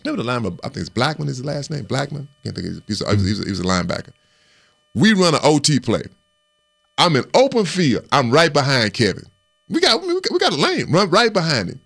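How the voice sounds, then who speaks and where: Gravelly, animated ex-running back. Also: male voice, on the high side, fast. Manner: animated storyteller, acts out quotes loudly. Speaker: former running back, co-host. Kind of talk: sports radio talk.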